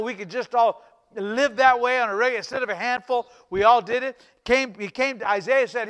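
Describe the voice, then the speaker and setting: A male pastor preaching with fervor, building his lines into rising, repeated calls. His voice sits very high for a man, bright and sharp. The tone stays smooth and clear throughout. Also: fairly quick. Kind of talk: sermon.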